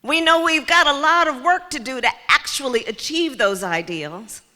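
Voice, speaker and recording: Before a crowd in a big community center hall, a woman running for office gives a campaign speech full of rhetoric and repeated key phrases. She speaks high-pitched and expressive at a moderate pace, with a sharp tone, and the recording carries hall reverb and faint crowd sound.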